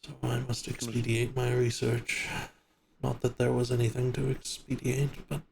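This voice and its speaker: A man voicing a worried scholarly mage father who speaks in a formal, measured way. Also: medium pitch, completely flat delivery, gravelly, darkish tone, slight background noise, close to an everyday voice. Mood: grave.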